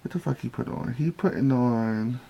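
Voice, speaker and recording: A man's voice: medium pitch, moderate pace, gravelly, breathy edge, muffled recording. A man recapping a reality show in a casual vlog, telling it as profane, gossipy stories and acting out what people said. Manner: acts out quoted lines.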